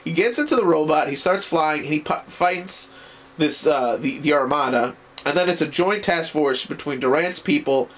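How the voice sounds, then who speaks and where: A man recapping an anime series in a casual video review, rambling and excitable and swearing freely. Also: fairly high pitch, normal speed.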